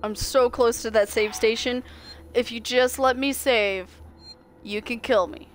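A woman's voice: fairly high pitch, fairly even intonation, unhurried, slight background noise. Chatty woman streaming a game, slight Southern twang. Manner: chatty, talks back to the game. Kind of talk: live-streamed gameplay commentary.

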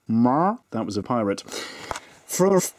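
Sarcastic man, lively swooping delivery. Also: medium pitch, normal speed, slight background noise. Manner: sarcastic, exaggerated enthusiasm. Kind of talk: comedic product review, chopped into a remix.

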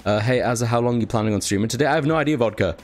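A man's voice: medium pitch, rapid-fire. A young British man chatting casually on his live stream, thanking viewers and swearing now and then. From Britain. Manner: chatty, swears, reads chat aloud.

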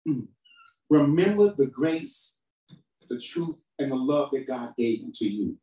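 A man's voice: very animated, unhurried. Preaching man heard from afar. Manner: swings between shouted emphasis and low, quiet asides; calls for responses from the congregation. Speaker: pastor. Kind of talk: sermon preaching. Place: church hall. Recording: roomy hall sound from a distant mic.

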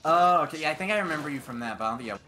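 A man's voice: a little high, very fast. A man co-hosting a gaming session, chatting animatedly and joking at his own expense. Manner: animated, self-mocking. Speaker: co-host gamer. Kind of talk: casual gaming chat. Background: game music.

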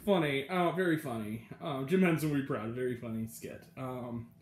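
In an echoey room, a young TV review vlogger gives a loose, casual monologue on an episode, often laughing and performing quotes. His mid-range voice moves at normal speed.

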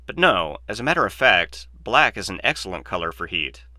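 A man's voice: sits low, sing-song, brisk, bright, forceful tone, dry recording, full character voice. A man voicing a glib, opinionated male mathematician in a dry, lecturing, sardonic manner, read as an audiobook. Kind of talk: audiobook reading.

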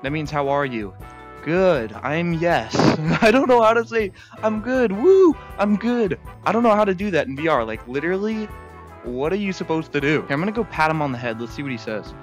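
A man giving excited, chatty commentary to his viewers while he plays a video game in a room at home. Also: on the high side, brisk, faint music behind. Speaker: gaming YouTuber.

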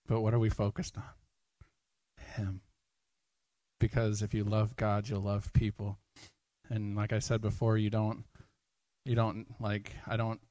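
A man's voice: on the low side, a little mellow, no room sound. A man preaching a sermon in church, speaking earnestly in a conversational way and often quoting prayers aloud.

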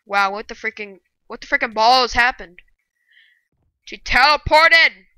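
A woman giving live gameplay commentary, excitable and bursting into loud shouting rants. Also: on the high side, a little slow, smooth, no room sound. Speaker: gaming video creator.

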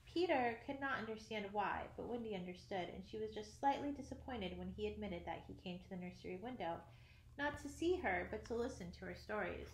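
A woman narrating a classic children's storybook in an expressive, lilting reading voice. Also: medium pitch, brisk. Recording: echoey room, faint ambience.

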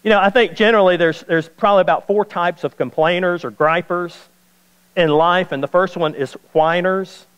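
A man preaching a sermon as pastor, folksy and animated, repeating key lines and joking with the congregation. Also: sits high, normal speed, smooth, in a large hall, low-quality recording. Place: church sanctuary.

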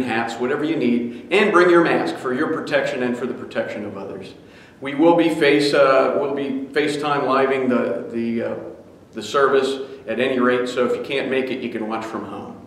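A man leading a noon devotion, giving announcements, prayer and a scripture reading in a relaxed, conversational way with frequent fillers. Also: medium pitch, normal speed. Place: church. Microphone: livestream camera. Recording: echoey church hall.

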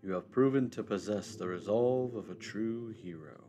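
A man voicing a solemn, humble old male monk, speaking deep, grave and formal while reading game dialogue aloud. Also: moderate pace, mellow, soft background music, natural voice.

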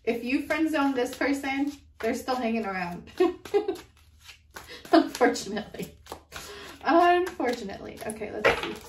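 In an echoey room, far from the microphone and with slight background noise, a tarot card reader speaks in a high voice with lively intonation, a little slowly and with long pauses. Her reading is casual, full of giggles, laughter, and free-flowing profanity.

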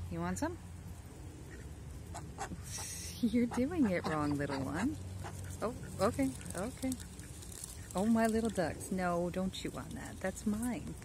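A woman's voice: fairly low pitch, background noise. A woman outdoors in her backyard, talking in a cooing, affectionate baby-talk way to her ducks while filming them on a handheld phone. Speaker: backyard duck keeper. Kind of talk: casual vlog talking to pets. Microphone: handheld phone camera.

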